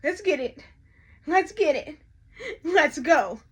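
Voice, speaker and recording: A woman's voice: sits high, animated, slow, background noise. A woman, chatting to her viewers in an unboxing vlog, often repeating herself. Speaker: vlogger.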